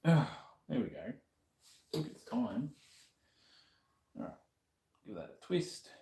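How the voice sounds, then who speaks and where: A man's voice: mid-range voice, big pitch swings, takes it slowly, warm tone, echoey room, a little hiss or hum. A man with an Australian accent chatting casually to a stream while he works on a motorbike, muttering to himself as he goes. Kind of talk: casual live-stream chat while working.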